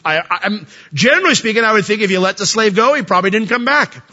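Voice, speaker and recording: A man's voice: sits high, expressive, quick pace, pushed and bright. A man preaching a sermon in a conversational way, with humorous asides and plenty of rhetorical questions. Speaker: pastor. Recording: dull lo-fi audio in a reverberant hall.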